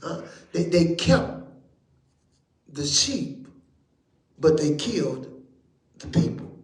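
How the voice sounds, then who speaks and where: A man with a high, bright preaching voice works a church room with folksy call-and-response talk. He swings from quiet asides up into shouted lines. The sound rings with the echo of the room. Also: animated, slow pace. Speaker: bishop teaching Bible study. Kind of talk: lively preaching to a congregation.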